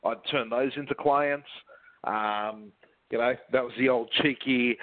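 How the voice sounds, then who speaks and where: A man's voice: mid-range voice, fairly even intonation, measured pace, no room sound. A man with an Australian accent, talking brashly and cheekily as a guest on a phone interview. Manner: brash, cheeky, laughs often. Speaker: guest recruiter. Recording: tinny phone line.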